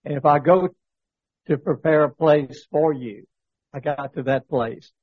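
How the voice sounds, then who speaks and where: A man's voice: fairly high pitch, a little slow, husky, no echo, narrow, tinny audio. A man teaching a church Bible study lesson, talking conversationally with many fillers and rhetorical questions, telling a story. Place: church classroom.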